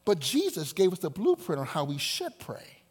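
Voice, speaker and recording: A male pastor preaching a sermon with dynamic swings from loud to hushed, acting out prayers in quoted voices. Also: high voice, huge pitch swings, moderate pace, husky.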